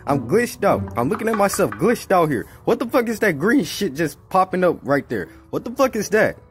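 A man giving casual let's-play commentary, profane and excitable, trash-talking as he plays. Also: high-pitched, moderate pace, few pauses. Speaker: gaming YouTuber. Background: game music.

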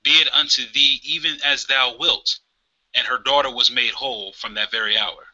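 Male scripture reader, very bright tone, dull lo-fi line. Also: mid-range voice, fairly even intonation, normal speed. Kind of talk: reading scripture aloud. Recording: dull lo-fi remote mic.

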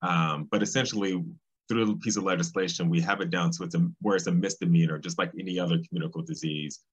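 A man, speaking as a guest in an interview, thoughtful and pausing often with ums. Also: deep voice, fairly even intonation, slightly rough. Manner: thoughtful, with frequent ums and restarts. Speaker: guest, civil rights state director. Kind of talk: casual interview conversation. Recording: slightly dull, lo-fi sound.

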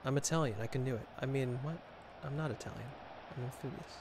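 A man's voice: mid-range voice, fast, background noise. A man streaming a video game, joking sarcastically and self-mockingly as he comments on play and answers chat. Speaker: gaming streamer. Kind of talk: casual live gameplay commentary, reading chat.

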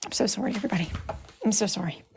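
A woman hosting a live stream from her phone, playing a tavern keeper. She talks in a theatrical, mock-archaic way, with a voice of average pitch. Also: very fast, noisy background. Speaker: live-stream host running a tavern role-play. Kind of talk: improvised tavern role-play on a live stream.

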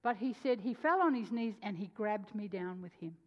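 A woman's voice: medium pitch, moderate pace. Woman preacher telling a story in a reverberant hall. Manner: animated storyteller, swings between loud and soft. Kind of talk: sermon storytelling. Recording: dull lo-fi sound with long hall reverb.

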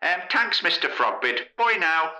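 A man doing an earnest spoof film star, bright voiced. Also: a little high, very animated, unhurried, full character voice, rough recording. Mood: sheepish. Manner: earnest promotional speech, then sheepish. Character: spoof male Hollywood star, earnest eco-campaigner. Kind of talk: comic sketch impression.

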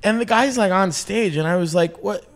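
A man's voice: high voice, moderate pace. A man who is a comedian, chatting casually as a podcast guest, telling stories animatedly, acting out quotes, and swearing often.

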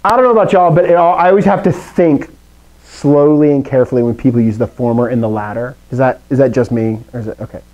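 A man teaching a Greek class to students in a classroom, animated, with pitch swings and playful asides. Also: fast talker, poor audio. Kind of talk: live classroom lecture.

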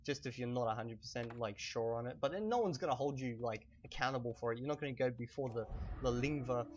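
Man, mid-pitched, hushed and patient, casual lesson-giver, noisy home recording. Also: highs cut off. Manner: soft-spoken, kept low; patient, repeats phrases slowly. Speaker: language teacher. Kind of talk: casual lesson while gaming. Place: home room at night.

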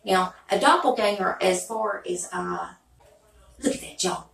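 A woman talks in a gravelly, creaky voice, chatting folksily to her viewers in a loose, rambling vlog. She sits back from the mic in a roomy, echoey space. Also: mid-range voice, measured pace, fairly bright tone, far from the mic. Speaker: beauty YouTuber. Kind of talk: rambling casual vlog chat.

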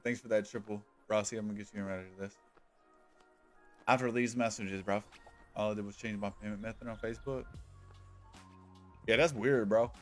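A man's voice: on the low side, fairly even intonation, a little fast, pauses often, soft background music. A man streaming a game live, chatting loosely with viewers, swearing freely and calling them by nicknames. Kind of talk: casual live-stream chat while gaming.

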